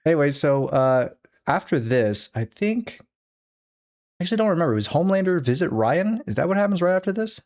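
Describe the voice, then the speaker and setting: A man co-hosting a casual podcast, holding a mock-serious, deadpan line to needle his co-host. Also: fairly high pitch, brisk. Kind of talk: casual chat.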